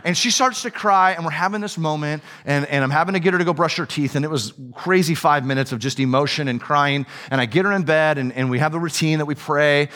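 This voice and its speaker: A man's voice: fairly high pitch, quick pace, hardly any pauses, fairly bright tone. A man preaching as a pastor, with a conversational, storytelling manner that often checks in with "right?" and "okay?". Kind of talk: sermon.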